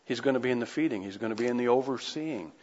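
A man's voice: medium pitch, fast talker, a little mellow. Guy preaching a fired-up sermon, lots of questions at the crowd, long echo, muffled lo-fi sound. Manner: impassioned, with rhetorical questions. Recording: echoey hall, dull lo-fi sound.

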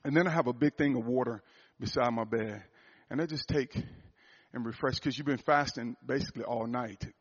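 Animated man preaching, muffled recording. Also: medium pitch, fairly quick, slightly rough. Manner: animated preaching, rising loud for emphasis. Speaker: speaker at a church gathering. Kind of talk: sermon-style talk.

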